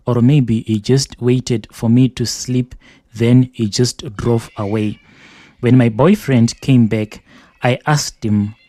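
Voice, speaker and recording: A man hosting a show who reads a listener's letter aloud in a steady, measured first-person delivery. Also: mid-range voice, no room sound, clean studio sound. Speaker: host reading listener confessions.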